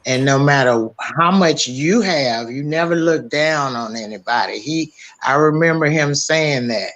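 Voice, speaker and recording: A man's voice: fairly high pitch, unhurried, a bit bright. A man in casual chat, speaking reflectively and earnestly as co-host.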